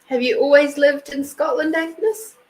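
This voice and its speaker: A woman's voice: high voice, fairly even intonation, a little slow, a little mellow, low-quality recording. Chatty woman giving a card reading. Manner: chatty, answers viewers by name; reads card texts aloud. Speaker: host and intuitive card reader. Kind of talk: casual live card reading.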